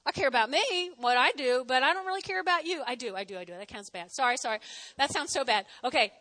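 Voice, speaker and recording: Brief: woman pastor, high voice, quick chatty delivery, self-mocking asides, sermon. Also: pushed and bright. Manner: fast-talking. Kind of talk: sermon and offering appeal.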